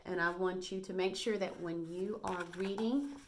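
A woman's voice: mid-range voice, steady tone, moderate pace, a little hiss or hum. Encouraging woman teaching young children. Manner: bright, encouraging, praising teacher voice. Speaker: first grade teacher. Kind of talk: recorded video lesson for young children.

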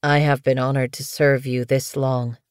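A woman voicing a tired male cat leader who speaks in a calm, formal way. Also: very deep voice, moderate pace, smooth, no room sound, studio quality. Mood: solemn. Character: weary male cat clan leader, resigned.

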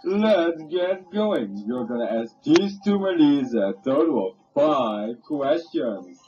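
A man's voice: on the high side, big pitch swings, slow pace, a little mellow, recorded from a distance. A man voicing a hammy male game show announcer hosting a quiz. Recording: dull lo-fi home recording with faint music.

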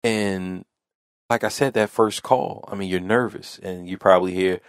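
A man's voice: sits low, fairly even intonation, normal speed, dry recording, studio quality. A man hosting a podcast, telling a casual story in a rambling way that repeats phrases and restarts often. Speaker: podcast host.

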